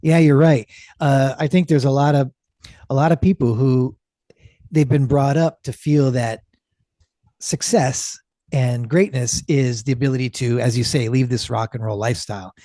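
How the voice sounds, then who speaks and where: A man's voice: medium pitch, fairly even intonation, moderate pace, dark tone, no room sound, studio quality. A man speaking as a podcast guest in casual conversation, earnest and emphatic, stacking up phrases.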